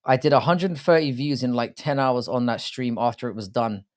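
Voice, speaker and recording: A man's voice: medium pitch, fairly quick. British male streamer, casual and foul-mouthed, reads out and greets his chat. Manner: crude, swears often, greets chat by name. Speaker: live-stream host.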